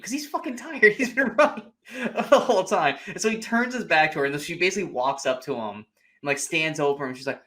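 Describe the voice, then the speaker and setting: A young man co-hosts a casual movie podcast, retelling scenes with lively, swooping intonation. His tone is bright and forward, and he slips into quick impressions of the characters as he goes. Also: sits high. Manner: animated retelling, acting out characters' lines. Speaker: podcast co-host. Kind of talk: casual movie recap chat.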